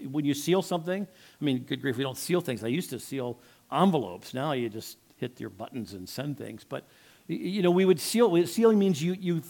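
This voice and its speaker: An older man preaching a sermon, telling a personal story and acting out the quotes with animated emphasis. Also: on the high side. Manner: storytelling, animated, acts out his own quotes. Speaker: pastor.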